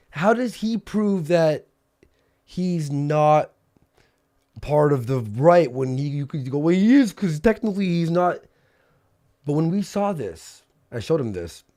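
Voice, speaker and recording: A man's voice: on the high side, dark tone. A man ranting angrily on a livestream, agitated and swearing, often repeating himself. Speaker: streamer. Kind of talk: angry livestream rant.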